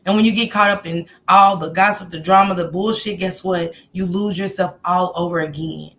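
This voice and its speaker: A woman's voice: fairly low pitch, steady tone, normal speed, a bit bright. A woman hosting a casual livestream, talking heartfelt and encouraging as she greets viewers in the chat by name. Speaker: livestream host.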